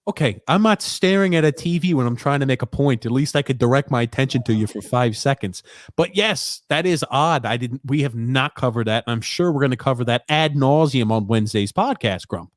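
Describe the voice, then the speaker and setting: An animated man hosts a live hockey reaction show, needling his co-host and talking fast when excited. The recording is dry and close, and his voice sits at a middle pitch. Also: dry recording. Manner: animated, teasing, quick to laugh. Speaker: podcast host. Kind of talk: casual sports commentary while watching a game.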